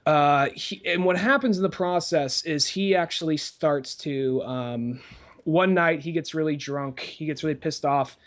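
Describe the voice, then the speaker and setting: A man's voice: fairly high pitch, measured pace, a bit bright. A young man co-hosting a podcast, retelling a film plot in rambling casual chat, full of fillers and swearing. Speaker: podcast co-host.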